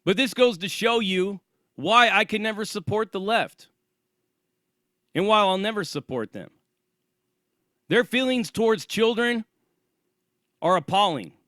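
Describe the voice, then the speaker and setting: A man's voice: high voice, animated, unhurried, long pauses, pushed and bright, no echo, studio quality. A man hosting his own channel, delivering an angry, profane and sarcastic ranting monologue. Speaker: channel host.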